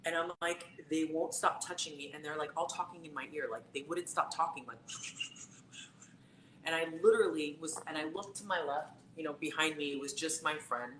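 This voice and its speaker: A woman's voice: low-pitched, fairly quick, a bit bright. A woman, a psychic tarot reader, telling a personal story in casual conversation with lots of fillers. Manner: chatty storytelling, many fillers. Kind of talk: casual live-stream conversation. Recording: roomy echo with faint background noise.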